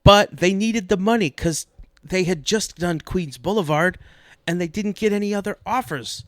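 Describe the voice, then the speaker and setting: A man co-hosts a sports podcast with dry, deadpan comedy, laying out absurd ideas as if they were serious. The sound is dry and close, with no room around it. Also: high-pitched, normal speed, dry recording. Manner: deadpan, mock-serious delivery. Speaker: podcast co-host.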